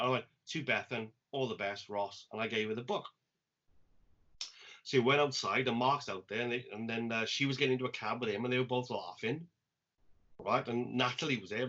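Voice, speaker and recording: Guy on a poetry podcast, chatty storyteller, mid-pitched voice, kinda dull lo-fi sound. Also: slightly rough. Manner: animated anecdote-teller, acts out quoted lines. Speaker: poet and podcast co-host. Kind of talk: casual storytelling chat.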